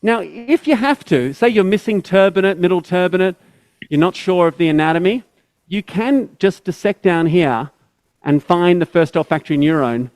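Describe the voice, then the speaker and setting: Male surgeon narrating a live procedure, chatty step-by-step teacher, bright-ish pitch, dry sound. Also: expressive, normal speed, dry recording, poor audio. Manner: explains step by step, with tag questions and restarts. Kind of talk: live surgical teaching commentary.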